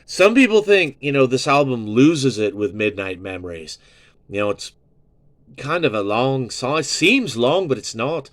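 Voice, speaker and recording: A show host reviewing an album casually, this man speaks in a sing-song, unhurried mid-range voice, recorded with no room sound. He gushes, swears, and repeats his praise over and over.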